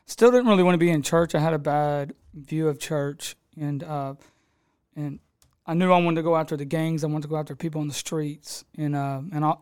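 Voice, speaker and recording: A man's voice: on the high side, fairly even intonation, brisk, a little mellow, clear, resonant tone. A man, a pastor recounting how he came to plant his church, acting out the people he quotes. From Texas. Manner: storytelling, acts out quoted people, laughs easily. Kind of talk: telling his story in a casual interview.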